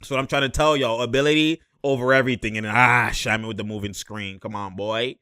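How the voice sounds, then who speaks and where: Young guy hyped up breaking down hoops clips, bright forceful voice, dry close mic, laughs a lot. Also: mid-range voice, a little fast, clear, resonant tone, no echo. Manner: animated, laughs often, slangy, mimics players. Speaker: sports commentator reacting to game footage. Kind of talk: excited play-by-play reaction commentary.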